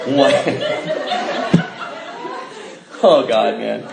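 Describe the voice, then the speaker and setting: A man's voice: mid-range voice, expressive, extremely slow, creaky, over a noisy crowd. A middle-aged man from the Pacific Northwest, telling his recovery story to a live audience in a joking, self-mocking way with many fillers. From Bellingham, Washington. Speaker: recovery speaker. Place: convention hall before an audience. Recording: roomy hall, noisy live recording.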